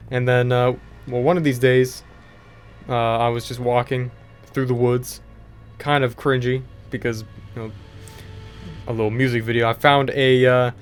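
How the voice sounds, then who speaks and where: A man's voice: mid-range voice, smooth. Rambling young man telling a story. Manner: rambling, heavy filler words and restarts. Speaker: gaming channel host. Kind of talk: casual storytelling over gameplay.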